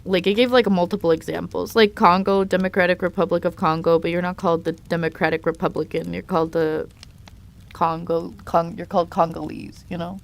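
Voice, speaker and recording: A woman's voice: lowish voice, flat delivery, fairly quick, vocal fry. Young woman streaming, casual rambly chat, lots of um and like, restarts a lot. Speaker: live streamer reading chat.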